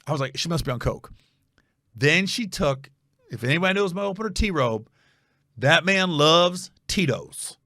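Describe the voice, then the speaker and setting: A man hosting a comedy podcast, telling a story in a casual, animated, rambling way with many restarts. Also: on the high side, no room sound, studio quality.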